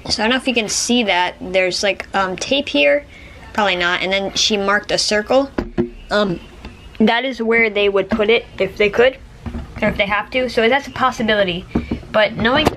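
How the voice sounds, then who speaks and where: A woman's voice: medium pitch, normal speed, background noise. Chatty, rambling woman vlogger. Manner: chatty and rambling, with frequent fillers and laughs. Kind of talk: casual chat to camera.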